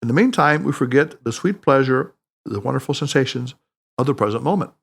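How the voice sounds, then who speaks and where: Man narrating with a lively voice. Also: medium pitch, brisk, gravelly, slightly rough. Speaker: podcast host reading his book. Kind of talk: audiobook-style narration.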